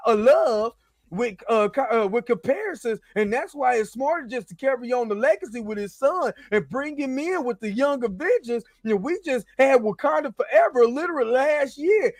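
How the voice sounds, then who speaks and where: Fields: Sex: man. Pitch: very high. Style: animated rant. Mic: dry, close. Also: no room sound. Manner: animated, repeats himself, swears. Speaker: show host. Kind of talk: ranting pop-culture commentary.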